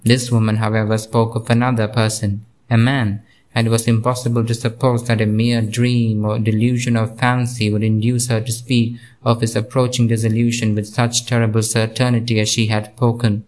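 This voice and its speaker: Male audiobook narrator, measured delivery, flat pitch. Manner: steady, measured reading. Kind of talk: audiobook narration of a classic novel.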